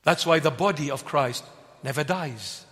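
A man's voice: a little high, measured pace, fairly bright tone. A man preaching a sermon, emphatic and repetitive, posing questions and answering them himself. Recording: long hall reverb.

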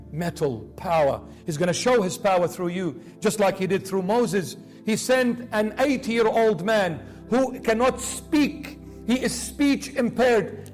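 High-voiced preacher with faint music. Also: male voice. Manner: impassioned, rising and dropping to hushed pleading. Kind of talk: sermon.

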